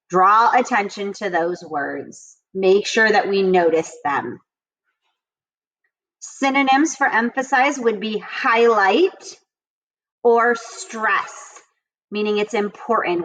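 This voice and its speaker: A woman teacher reading vocabulary words, definitions and example sentences to children, and repeating the sentences slowly and with emphasis. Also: mid-range voice, fairly bright tone. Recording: dull lo-fi home recording.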